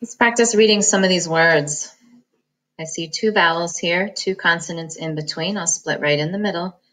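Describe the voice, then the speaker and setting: A woman's voice: lowish voice, normal speed, a bit bright, poor audio. A woman teaching a phonics lesson, patiently sounding out words syllable by syllable. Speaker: reading teacher.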